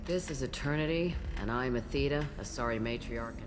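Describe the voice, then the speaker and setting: A deadpan tough club owner. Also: female voice, rumbling low, fairly quick, music in the background. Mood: dry. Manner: dry, deadpan.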